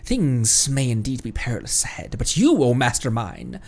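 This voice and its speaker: A man's voice: medium pitch, wildly swooping pitch, moderate pace, creaky, a little mellow, exaggerated voice. A man voicing an ancient spirit bound in a bottle who speaks in a courtly, archaic, theatrical way. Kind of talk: game dialogue read aloud on stream.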